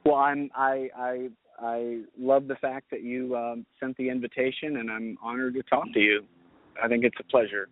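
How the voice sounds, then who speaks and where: A man's voice: mid-range voice, little pitch movement, moderate pace, no room sound. A man from North Carolina, a guest on a radio interview, talking in a friendly, rambling way with many restarts. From North Carolina, USA. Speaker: guest, actor and musician. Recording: dry, tinny phone line.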